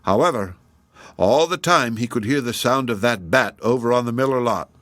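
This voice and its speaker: A man narrating a children's storybook in a gentle, expressive way. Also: medium pitch, moderate pace, no room sound. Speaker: audiobook reader.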